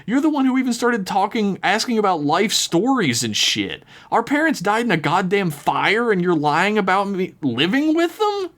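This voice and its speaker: A man's voice: sits high, big pitch swings, moderate pace, hardly any pauses, a bit bright, voice pushed up. A man voicing a wary young woman who talks bluntly and swears when upset. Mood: shocked, wary. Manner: blunt, profane, defensive.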